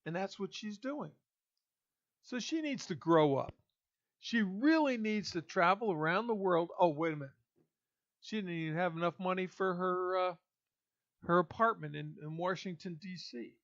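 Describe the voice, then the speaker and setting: A man giving an indignant, emphatic opinion monologue, pausing and restarting as he speaks. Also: high-pitched, fairly bright tone. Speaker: political commentator. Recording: dull lo-fi audio.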